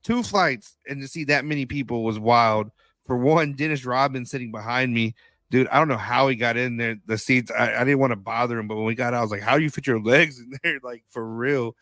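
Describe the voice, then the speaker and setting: A man co-hosting a casual podcast, telling animated stories, acting out quotes, swearing and laughing often. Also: mid-range voice, a little fast, dry recording. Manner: slangy, swears. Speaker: podcast co-host. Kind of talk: casual chat.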